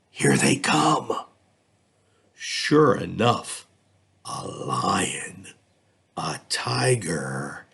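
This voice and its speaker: Expressive, creaky-voiced man reading a storybook. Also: medium pitch. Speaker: school district reader. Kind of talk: children's storybook read-aloud.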